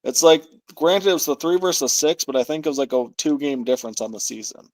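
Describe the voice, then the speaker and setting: A man's voice: fairly high pitch, animated, quick pace, poor audio. A man co-hosting a casual sports podcast, laid-back and loose with "dude" and "man".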